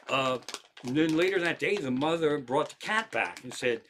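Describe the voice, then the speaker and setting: A man with a slightly high voice speaks at a moderate pace, with a little hiss or hum in the audio. He's a comedian livestreaming from an armchair at home, telling rambling, animated anecdotes peppered with frequent swearing.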